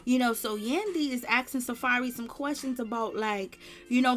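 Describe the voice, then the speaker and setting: A woman's voice: a little high, moderate pace, fairly bright tone. A woman giving casual celebrity gossip commentary, retelling the drama with emphatic repetition.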